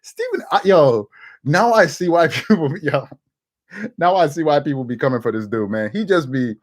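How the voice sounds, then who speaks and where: A man hosting a casual sports commentary show, animated and laughing, with quick restarts. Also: a little high. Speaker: host.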